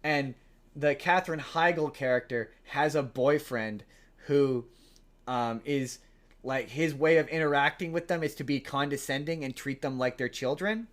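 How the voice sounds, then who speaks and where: A man's voice: mid-range voice, unhurried. A man co-hosting a podcast, casually retelling a movie plot in a rambling way, with many restarts and quoted lines. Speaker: podcast co-host.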